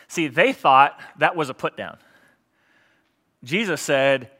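Male pastor, animated sermon delivery with humor, bright tone. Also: mid-range voice, fairly quick. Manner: animated and joking with the congregation. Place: church sanctuary.

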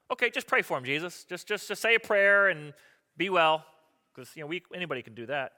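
Bright-voiced pastor guy preaching, animated, jokey, does little voices for people in the story. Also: high voice, fairly quick. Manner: conversational and joking with the congregation. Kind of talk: sermon.

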